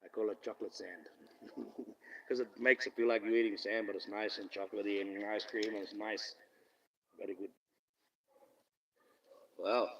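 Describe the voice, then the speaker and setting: Man, casual live-stream chatter, swearing and laughing, distant from the phone, muffled sound. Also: fairly low pitch. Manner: rambling, swears freely, laughs often. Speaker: livestream host. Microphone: phone camera.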